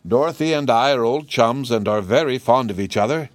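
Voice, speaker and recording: A man's voice: medium pitch, brisk, no echo, natural voice. A man voicing the meek Cowardly Lion. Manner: polite and gentle, mild voice. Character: meek, mild-mannered male cowardly lion.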